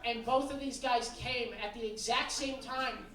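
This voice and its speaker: Brash high-voiced woman comic. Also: steady tone, moderate pace, a crowd in the background. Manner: brash, profane, blunt. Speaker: stand-up comedian. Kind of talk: stand-up set. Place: comedy club stage with live audience. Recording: echoey live room, distant mic, noisy.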